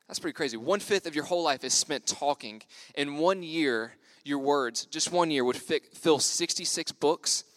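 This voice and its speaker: A man's voice: fairly high pitch, dry recording. A man gives a casual, storytelling sermon, joking at his own expense and laughing often. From United States. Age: 20s. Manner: upbeat, joking, self-deprecating, laughs often. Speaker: young church speaker.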